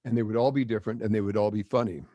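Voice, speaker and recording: Older man, veteran broadcaster; deep voice, dry sound, lively storyteller. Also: rapid-fire, dry recording. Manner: animated storyteller acting out quotes. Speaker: guest, broadcaster. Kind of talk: storytelling interview.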